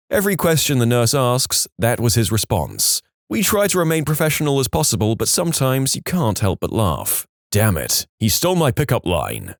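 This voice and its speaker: A man reading funny medical stories aloud in a wry, lively storytelling manner, with quoted voices. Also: mid-range voice, no echo, studio quality. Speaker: narrator.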